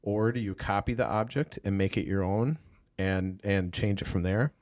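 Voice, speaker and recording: A man's voice: lowish voice, normal speed, a little mellow, no room sound, studio quality. A man from Wisconsin hosting a podcast, musing through questions with frequent restarts. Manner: musing, hesitant, with many restarts. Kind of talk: conversational podcast interview.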